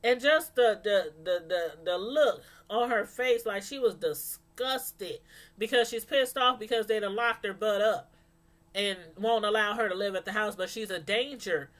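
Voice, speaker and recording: Slow-talking woman reviewing a show. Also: medium pitch, fairly bright tone. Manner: laughs often, talks straight to the chat. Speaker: show reviewer on a live stream. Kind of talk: casual live review chat with viewers.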